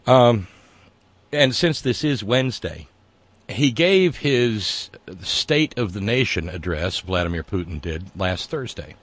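A man's voice: on the low side, animated, slow, a bit bright. A man co-hosting a casual political chat, rambling and sarcastic, with many fillers and restarts. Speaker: podcast co-host.

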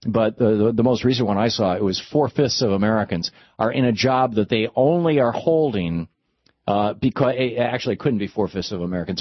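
Male call-in radio host, lower voice, husky, slightly dull dry studio sound, stammers then speeds up. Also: dry recording. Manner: animated, stammering restarts, mocking voices. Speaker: radio talk show host.

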